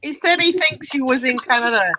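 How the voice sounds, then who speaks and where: A woman's voice: high voice, fairly quick, sharp tone. A woman on an online group call, laid back, repeating what the others said. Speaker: call participant. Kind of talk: casual group call banter.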